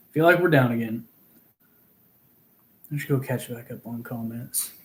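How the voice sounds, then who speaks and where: Man from oklahoma, fishing livestream host, chatty and giggly, slow easy pace, roomy echoey sound. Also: medium pitch, a bit bright. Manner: giggly, chatty, reads comments aloud. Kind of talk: casual livestream chat. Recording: roomy echo.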